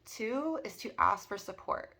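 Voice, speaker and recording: A woman speaks in a casual, heartfelt monologue, earnest and a little rambling, often pausing on fillers and restarting her sentences. Her voice is bright and forward, at an ordinary pitch for a woman. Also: animated, creaky. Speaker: spiritual self-help vlogger.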